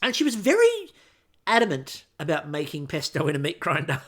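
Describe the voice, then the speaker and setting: A man co-hosting a podcast, telling stories in a lively, animated way and swearing casually. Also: fairly high pitch, a little fast. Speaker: podcast co-host.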